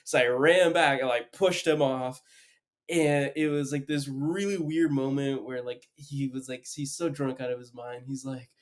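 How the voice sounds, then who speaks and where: A man's voice: mid-range voice, steady tone, moderate pace. A young man hosting a podcast, telling a long story in a casual, rambling way full of "like". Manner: rambling, heavy use of "like". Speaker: podcast host.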